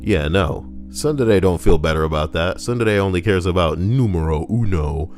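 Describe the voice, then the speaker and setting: A man's voice: low voice, moderate pace, hardly any pauses, a little mellow, faint music behind. A young man reading Reddit posts and riffing on them in a crude, joking, rambling way. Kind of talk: casual commentary.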